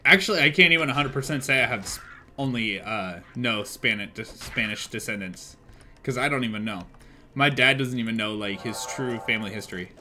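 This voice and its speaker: A young man streaming a game live and chatting casually, excitable and swearing freely as he thinks aloud. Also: mid-range voice, a little fast, slight background noise.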